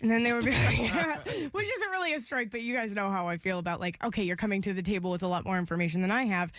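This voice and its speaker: A woman co-hosting a morning radio show, telling stories in an animated, exasperated way. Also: medium pitch, fast talker, no echo, clean studio sound. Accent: Midwestern American. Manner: animated storyteller, exasperated and laughing. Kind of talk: casual morning radio banter.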